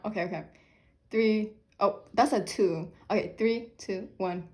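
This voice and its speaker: A young woman chatting casually while unboxing albums, excitable and quick to squeal and laugh. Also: mid-range voice.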